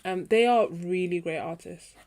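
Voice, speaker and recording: A woman's voice: on the low side, normal speed, darkish tone. A woman who hosts an art livestream, chatting casually with viewers in a meandering way and often trailing off while she searches for names. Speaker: artist hosting a painting livestream. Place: home studio, indoors.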